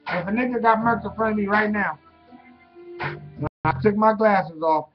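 A man with a fairly high voice delivers a profane, rambling comic rant straight to his webcam. He drifts from bit to bit and laughs at his own jokes. The audio is dull and lo-fi, with music playing clearly behind him. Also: moderate pace. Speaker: webcam vlogger.

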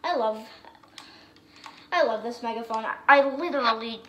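A woman giving chatty, excitable reaction commentary to her viewers, with sudden loud bursts. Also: fairly high pitch, normal speed, muffled recording, a little hiss or hum. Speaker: video creator.

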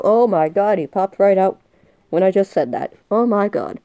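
A woman's voice: fairly low pitch, expressive, moderate pace, clear, resonant tone, no echo, phone-quality sound. A woman in her twenties commenting on a game she is playing, jumpy and swinging from muttering to shrieking. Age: 20s. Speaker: gaming youtuber. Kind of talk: excited let's-play commentary.

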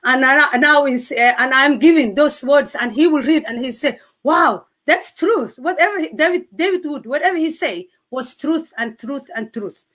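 A woman with a Somali accent earnestly telling her faith testimony, halting and restarting often. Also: high voice, fairly bright tone. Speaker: guest sharing testimony. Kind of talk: emotional personal testimony.

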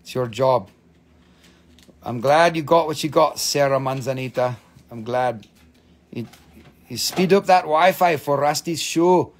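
A man hosting a live-stream mineral sale, gushing excitedly over each stone, swearing freely and calling out prices. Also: mid-range voice, measured pace, pauses often. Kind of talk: live-stream sales chat.

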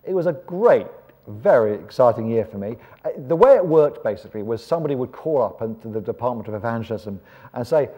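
A man's voice: medium pitch, expressive, brisk, slightly rough, highs cut off. An Englishman giving a sermon-style seminar talk, conversational with rhetorical questions and wry asides. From England. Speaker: seminar speaker.

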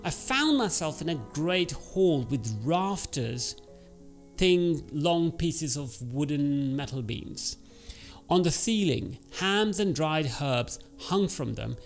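A man reads a first-person ghost story aloud for English learners. He stops now and then to explain a word in plain terms. His voice is lively and swings widely in pitch, with a slightly high register and faint music behind him. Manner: expressive reading that pauses to explain words. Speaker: English teacher reading a story.

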